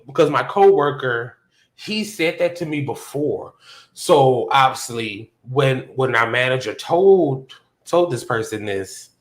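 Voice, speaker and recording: On a casual livestream chat, a male podcast host tells a work story with lots of animation, his pitch leaping up whenever he quotes himself. He's recorded on a phone running off a hotspot.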